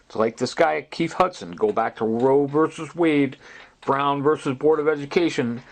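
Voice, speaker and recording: In a rambling recorded monologue, a man agitatedly recounts personal grievances at length, frequently quoting what others said. His voice sits on the high side and moves at a moderate pace.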